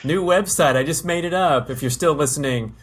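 A man's voice: a little high, fairly quick, breathy edge. A man hosting a podcast, reading an upbeat outro and promotion. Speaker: podcast host. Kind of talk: scripted outro and promo read.

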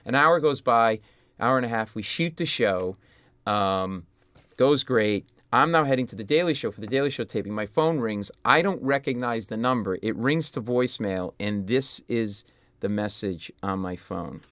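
Animated storytelling comedian, dry sound. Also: male voice, mid-range voice, moderate pace, smooth, no echo. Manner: lively anecdotes, jumping into loud voices of people. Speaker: stand-up comedian and podcaster.

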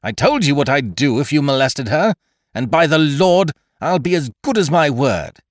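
A man playing a desperate rescuer, hot-tempered and crying out, his voice leaping high and ranging widely. Every word is close and dry. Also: normal speed, no echo, lightly acted. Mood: defiant. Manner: excited, crying out.

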